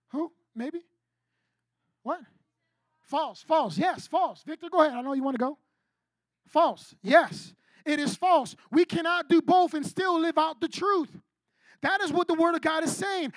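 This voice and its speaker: A young male preacher with a high-pitched voice gives a casual, slangy youth sermon. He speaks bluntly and acts out the voices of people he quotes. The sound is dry and close. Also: normal speed, no echo. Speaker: youth pastor. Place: church youth service before a live group.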